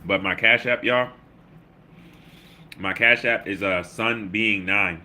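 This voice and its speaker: Low, bright-voiced man. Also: slow. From Baltimore. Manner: loose, slangy, reads chat comments aloud with shout-outs. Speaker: livestream host. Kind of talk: casual livestream chat.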